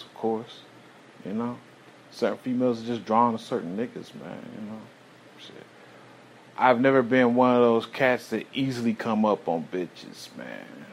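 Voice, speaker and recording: On his own show, this host rambles through a personal story, swearing nonstop, leaning on slang, and sighing long between thoughts. His voice is on the low side and a little mellow, and there's slight hiss or hum in the recording.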